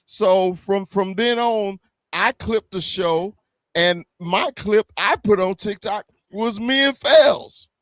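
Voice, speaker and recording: Southern man, high voice, brash and profane, guest on a fan stream. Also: fairly bright tone, no room sound. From American South. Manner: brash, profane, quick to apologize. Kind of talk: casual sports trash talk.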